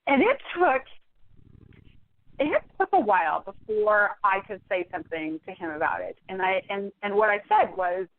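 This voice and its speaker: A woman guest in a podcast interview, retelling a story in an animated, exasperated way. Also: medium pitch, moderate pace, no echo. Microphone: phone call. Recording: tinny phone line.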